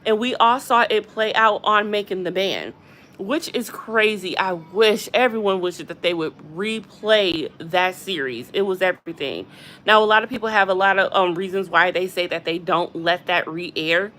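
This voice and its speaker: A woman hosting a casual gossip livestream from a hospital room, chatty and animated, often addressing her viewers directly. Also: mid-range voice, moderate pace. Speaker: gossip channel host.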